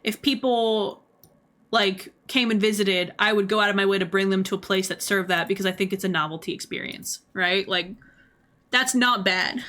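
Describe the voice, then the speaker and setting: A young adult woman giving casual livestream commentary, animated, laughing often and swearing freely. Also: medium pitch, moderate pace. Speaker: streamer.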